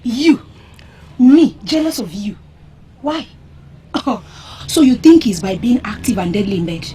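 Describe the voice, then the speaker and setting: An actress with a Nigerian accent playing a scornful, confrontational friend in a drama. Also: female voice, on the high side, expressive, a little slow, mellow, breathy edge, heavily acted. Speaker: friend (Mwaka). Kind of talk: Nollywood drama acting.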